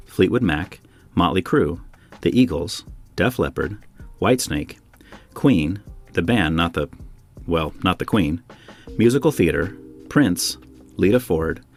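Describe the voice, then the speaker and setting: A male podcast host with a low voice that swings animatedly between high and low. He talks in a wry, opinionated way, piling up rhetorical questions, with faint music behind him. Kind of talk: scripted monologue then casual chat. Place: home.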